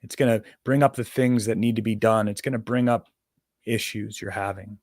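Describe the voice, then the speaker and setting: A man leading a guided meditation, talking slowly and calmly with soothing instructions and pauses. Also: on the low side, no room sound, clean studio sound.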